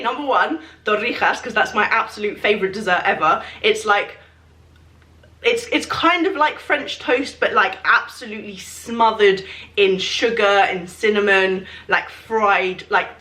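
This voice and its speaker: A woman's voice: mid-range voice, normal speed, sharp tone. A woman answering questions in a casual Q&A vlog, chatty and rambling, full of fillers. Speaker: fitness vlogger answering questions. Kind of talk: casual Q&A chat. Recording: echoey room, mic at a distance.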